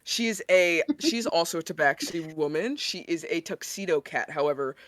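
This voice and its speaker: A woman's voice: low voice, expressive, normal speed, a bit bright, no echo, studio quality. Chatty woman game master. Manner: chatty, full of fillers and giggles. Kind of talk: narrating a tabletop game.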